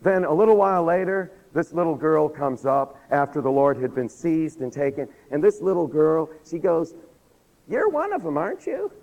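A man's voice: on the high side, normal speed, vocal fry, hardly any pauses, a little mellow, highs cut off. A man preaching a sermon, telling a story animatedly, acting out the quotes and asking the congregation questions, while losing his voice. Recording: long hall reverb.

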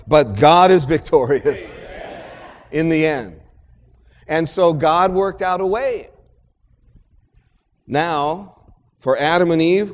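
Male preacher, slightly high and very animated pitch, unhurried emphatic delivery, echoing hall. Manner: slow, emphatic preaching with repeated chanted phrases. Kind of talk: sermon. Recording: long hall reverb.

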